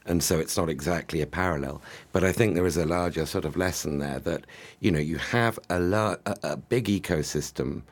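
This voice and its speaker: A man talking political analysis in casual chat, measured and hedging with ums. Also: deep voice. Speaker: podcast guest commentator.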